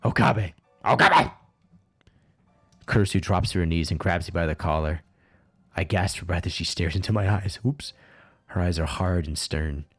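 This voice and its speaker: A man's voice: deep voice, normal speed, no echo, soft background music. A man streaming a game, reading its dialogue aloud and breaking off into crude joking asides. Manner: reads lines flatly, then breaks off into crude joking asides. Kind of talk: casual game playthrough with read-aloud dialogue.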